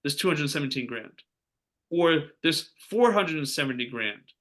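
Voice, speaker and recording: A man talking as a financial advisor, getting fired up as he pitches a strategy, asking rhetorical questions and acting out what clients say. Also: lively intonation, moderate pace. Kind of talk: energetic sales pitch talk.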